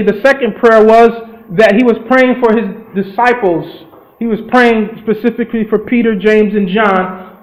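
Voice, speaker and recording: A man's voice: high-pitched, roomy sound, muffled recording. A man preaching a sermon, retelling scripture in an earnest storytelling way with loose grammar.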